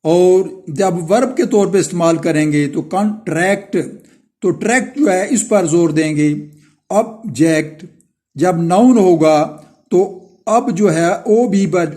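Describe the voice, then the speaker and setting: Pakistani male teacher, slow classroom dictation. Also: high voice, mellow. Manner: reads each blank aloud, then repeats the full sentence. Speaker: school teacher.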